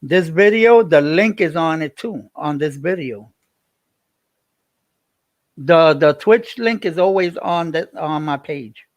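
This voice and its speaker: A man's voice: a little high, lively intonation, slow pace, no room sound, dull audio. A man, livestreaming and chatting with viewers in a rambling way, repeating himself as he tells a story. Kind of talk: casual livestream chat.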